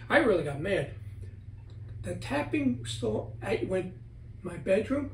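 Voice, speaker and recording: At a measured pace and with a high-sitting voice, this middle-aged guest author chats at home in a relaxed interview. He tells stories with animation, performing what he said, captured from a distance in a roomy space with faint ambience.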